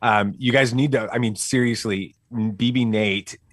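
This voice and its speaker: A middle-aged man telling a family story casually as a podcast guest, animated and full of fillers and restarts. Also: mid-range voice, normal speed, no room sound, studio quality.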